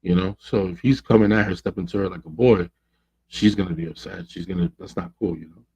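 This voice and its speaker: Man, low, dark and husky, casual slangy podcast storytelling, lo-fi mic. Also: fairly quick. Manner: animated, slangy, acts out quoted voices. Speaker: podcast host.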